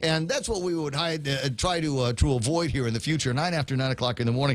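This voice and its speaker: A man's voice: fairly high pitch, fast talker. A man hosting a morning radio talk show from the studio, rambling casually with fillers, restarts and chuckles. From Guam. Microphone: studio mic.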